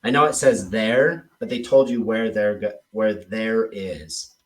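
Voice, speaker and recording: A man's voice: on the low side, a little slow, far from the mic, low-quality recording. Man coaching with emphatic, exaggerated inflections. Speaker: sales coach. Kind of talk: coaching a role-play drill.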